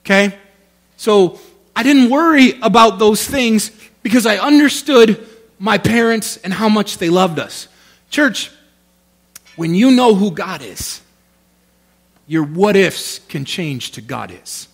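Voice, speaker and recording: A male pastor preaching a sermon in an animated, conversational way, often checking in with his listeners. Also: high-pitched, takes it slowly, vocal fry, pauses often.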